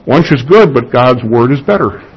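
Husky-voiced pastor preaching a sermon. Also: male voice, medium pitch, animated, normal speed, lo-fi sound. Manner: preaching with rising emphasis and questions to the congregation. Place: church sanctuary.

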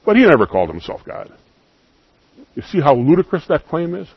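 A man preaching a sermon, emphatic, rising loud on key lines and dropping to soft asides. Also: fairly high pitch, very animated, fairly quick, gravelly, breathy edge, no room sound, muffled recording.

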